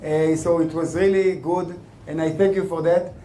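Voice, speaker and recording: High-voiced host in an echoey hall. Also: male voice, fairly even intonation, dark tone, slight background noise. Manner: halting, with many fillers. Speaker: event host. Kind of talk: introducing a speaker. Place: event hall.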